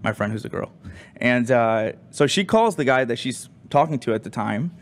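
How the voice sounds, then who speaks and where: A young man tells a story with rambling fillers and animated swings in pitch. He talks casually, like a crew member joking around on a show. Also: normal speed.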